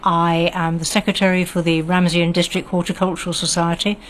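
A woman's voice: fairly low pitch, level tone, fairly quick, a little hiss or hum. Older Englishwoman chatting as a radio guest. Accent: standard southern English. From West Country of England. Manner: warm, chatty, self-deprecating. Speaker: radio guest, garden club secretary. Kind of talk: radio chat. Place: radio studio.

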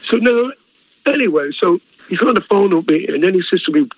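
A man's voice: sits high, brisk, no room sound. An older man, a singer telling stories in an interview, acting out the dialogue and chuckling as he goes. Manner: animated storyteller acting out quoted dialogue, chuckling often. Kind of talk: storytelling interview. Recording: slightly dull dry radio audio.

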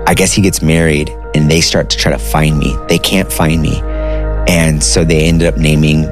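A man's voice: very deep voice, little pitch movement, normal speed, over music. A man in his thirties casually telling a personal story, loose and conversational, with lots of "like" and "dude".

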